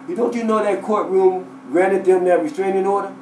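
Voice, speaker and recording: Emphatic high-voiced man in an echoey room. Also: fast talker, hardly any pauses, a little mellow, far from the mic, slight background noise. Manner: emphatic, repeats himself, quotes others. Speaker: tenant telling his story. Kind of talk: animated personal account. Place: inside a rented house.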